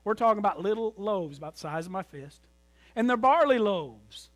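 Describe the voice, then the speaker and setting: A man preaching a sermon in a church, telling stories and moving between strong emphasis and hushed, quiet lines. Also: high-pitched, animated, moderate pace, faint music behind. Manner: storytelling preacher, rises loud then drops to near whisper. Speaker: pastor. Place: church sanctuary.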